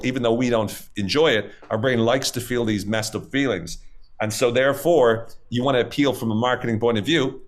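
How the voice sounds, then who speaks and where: A man talking as a podcast guest, explaining ideas in casual conversation, with many fillers and lists of examples. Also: mid-range voice. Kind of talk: casual interview talk.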